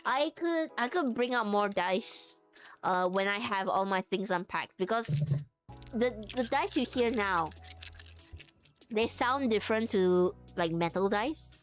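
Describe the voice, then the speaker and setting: A woman's voice: mid-range voice, lively intonation, unhurried. Chatty young woman streaming, faint music behind. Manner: chatty, giggly, thinks aloud while crafting. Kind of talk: casual live-stream chat.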